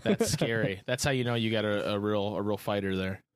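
A young man with a Michigan accent hosts a podcast, chatting loosely and profanely with lively intonation. His fairly low voice is brisk, clear, and resonant, captured in studio quality with no echo.

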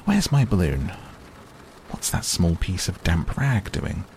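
A man's voice: deep voice, big pitch swings, takes it slowly, a little mellow, slight background noise, full character voice. A man voicing a small, timid male piglet who frets anxiously, in a storybook reading. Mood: fretful.

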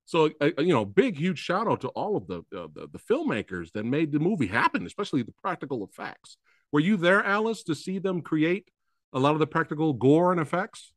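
A man's voice: fairly high pitch, sing-song, fairly quick, no echo. Hyped-up male podcast host, dry sound. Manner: enthusiastic, hyped fan talk. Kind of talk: casual interview chat.

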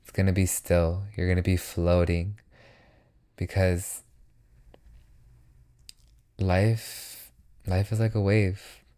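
Deep, slow, earnest young man. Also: level tone, mellow. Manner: earnest and reassuring, repeats phrases for comfort. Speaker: podcast host. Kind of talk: motivational solo podcast.

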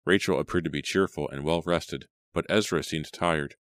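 An audiobook narrator reads a storybook from a script in a steady, measured way. His voice is extremely low-pitched, and the studio-quality recording is dry.

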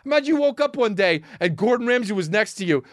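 A man riffing profanely on a comedic rant, animated and joking. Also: high-pitched, fast talker, dry recording, studio quality.

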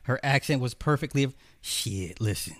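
A man's voice: mid-range voice, animated, normal speed, no room sound. A man giving a casual, profane, rambling film rant, talking straight to his viewers. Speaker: streamer reviewing a film.

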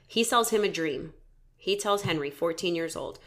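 A woman hosting a podcast, telling a true crime story in casual chat, animated, laughing often and swearing freely. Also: on the low side, moderate pace.

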